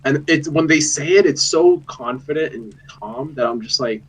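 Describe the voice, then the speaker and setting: A man's voice: on the high side, moderate pace, slightly rough, rough recording. A young man co-hosting a podcast, talking in a laid-back, rambling, slangy way. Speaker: podcast co-host. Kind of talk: casual chat.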